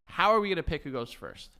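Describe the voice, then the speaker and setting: A man's voice: a little high, phone-quality sound, background noise. A young man hosting a casual podcast chat, telling stories with lots of laughter and acting out what people said. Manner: animated, laughs often, acts out quotes. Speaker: podcast host.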